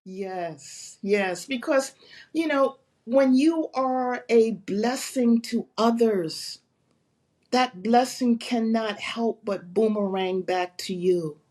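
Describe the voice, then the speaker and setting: A woman's voice: on the high side, slow, a little mellow. A woman in her seventies, a fitness coach, speaking earnestly and with feeling as an interview guest over a video call. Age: 70s. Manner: earnest, heartfelt, emphatic. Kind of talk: interview conversation.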